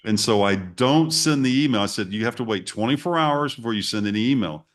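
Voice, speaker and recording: A man's voice: medium pitch, expressive, brisk, few pauses. A middle-aged man, a guest telling a story in a casual way and acting out his own reactions and emails. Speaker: interview guest.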